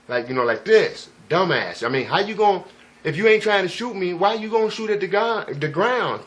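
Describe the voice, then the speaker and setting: Rambling, profane man telling a story. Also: high voice. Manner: rambling, profane, emphatic, frequent "you know what I'm saying". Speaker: vlogger. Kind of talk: casual first-person storytelling.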